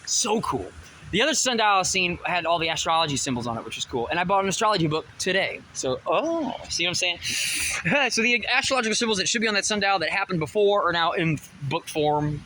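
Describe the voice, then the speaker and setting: A man rambling excitably in a personal vlog, laughing often and swinging from muttering to shouting. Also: high voice, a little fast, a little hiss or hum, rough recording. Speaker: vlogger.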